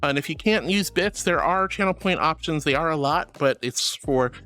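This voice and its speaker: A woman's voice: sits low, moderate pace, a bit bright. A woman streaming live, chatting playfully and theatrically with her chat and reading their messages aloud.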